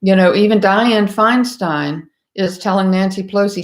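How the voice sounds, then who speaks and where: A woman's voice: mid-range voice, moderate pace, echoey room. A woman hosting a casual commentary livestream, talking in an impassioned, emphatic way and rambling through restarts. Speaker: livestream host.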